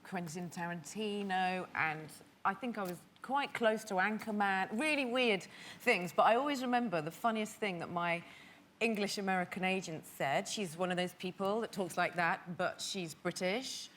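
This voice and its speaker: A chatty woman guest giggles through her story on a chat show. Her pitch is mid-range, with faint room ambience behind her. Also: normal speed, fairly bright tone, slight background noise.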